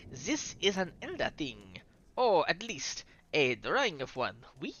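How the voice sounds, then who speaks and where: A streamer voicing a scholarly lecturer from a visual novel in a slow, measured way. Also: mid-range voice, huge pitch swings, fairly bright tone, highs cut off, heavily acted. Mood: lecturing. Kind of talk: reading a visual novel aloud.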